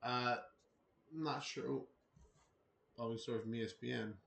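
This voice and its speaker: A man's voice: mid-range voice, fairly even intonation, a little slow, vocal fry, fairly bright tone. A man hosting a casual combat sports news roundup in a rambling, loose way, with many fillers and restarts.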